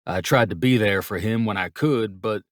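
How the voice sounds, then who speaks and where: A man voicing an older father who talks in a slow, gritty drawl in an audiobook. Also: lowish voice, fairly bright tone, no room sound, clean studio sound, natural voice. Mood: hushed, sad. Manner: gruff, unhurried, gritty. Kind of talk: audiobook character voice.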